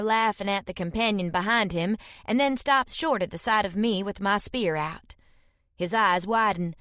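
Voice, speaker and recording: A woman narrating a fantasy romance audiobook in first person, reading tensely and dramatically, voicing shouted dialogue. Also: medium pitch, no echo, studio quality.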